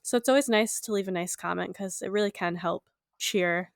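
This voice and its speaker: A woman's voice: mid-range voice, brisk, vocal fry, no echo, clean studio sound. Stuffy-voiced woman chatting casually. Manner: chatty, laughs easily, many fillers. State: stuffy from a cold. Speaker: podcast co-host. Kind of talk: casual chat.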